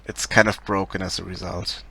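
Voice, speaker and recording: A man from Germany with a German accent, casually talking through his game project on a live stream, hesitant, with many pauses and restarts. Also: low voice, little pitch movement, creaky, noisy background. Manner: hesitant, many ums and restarts, laughs shyly.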